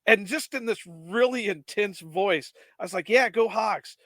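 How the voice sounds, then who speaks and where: A chatty podcast co-host with a bright, forceful, slightly higher voice. He tells stories loosely and laughs often. The sound is close and dry. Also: unhurried, no room sound. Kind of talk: casual podcast chat.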